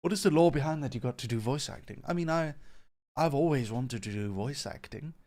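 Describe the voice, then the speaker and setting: A man running a casual livestream Q&A as a company CEO, relaxed and rambling as he reads viewer questions aloud and answers them. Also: mid-range voice, fairly quick.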